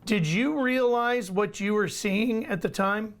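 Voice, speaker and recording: A man with a noticeably high voice hosts a podcast. He asks his guest a thoughtful question in a relaxed, conversational way. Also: measured pace. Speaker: podcast host. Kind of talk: interview questions.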